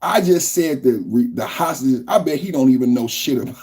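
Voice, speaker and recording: A man's voice: medium pitch, animated, a little fast, few pauses, darkish tone, husky. A man hosting a reaction podcast, ranting angrily with heavy profanity and mocking his critics. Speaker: podcast host reacting to clips. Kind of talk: heated political rant.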